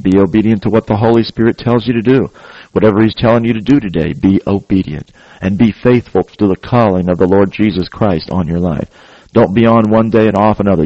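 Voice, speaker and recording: Deep-voiced man preaching a sermon. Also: dry recording, dull audio. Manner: earnest exhortation with repeated "praise God".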